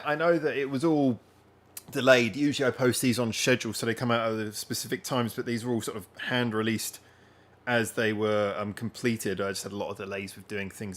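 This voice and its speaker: A man's voice: mid-range voice, a bit bright. Male streamer, rambly and casual, talks straight to chat, mid-range voice. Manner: rambling, chatty, addresses viewers directly. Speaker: live-stream host. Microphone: wearing headphones.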